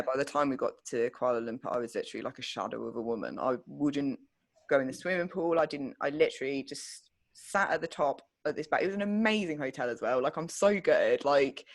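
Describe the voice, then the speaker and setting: A woman's voice: deep voice, fairly quick, no room sound. Chatty young woman. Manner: chatty storytelling with many "like"s, swears freely. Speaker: podcast co-host. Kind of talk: casual chat.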